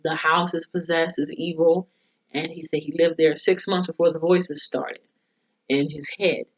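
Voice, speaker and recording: Woman reviewer, lowish voice, swears freely, casual recap, muffled lo-fi sound. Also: little pitch movement, moderate pace. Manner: profane, blunt storytelling. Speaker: TV episode reviewer. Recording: dull lo-fi recording.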